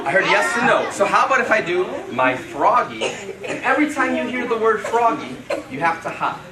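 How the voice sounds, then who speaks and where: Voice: medium pitch, big pitch swings, normal speed. An adult leading a group of children through action songs and a story, calling out and coaxing them along. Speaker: children's reading and song leader. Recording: roomy distant recording with loud crowd and noise.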